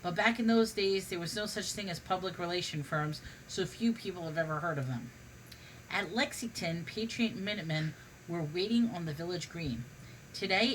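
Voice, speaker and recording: A woman's voice: fairly low pitch, fairly bright tone, slight background noise, rough recording. A woman reading a humorous history book aloud, now and then stumbling and restarting on a word. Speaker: reader.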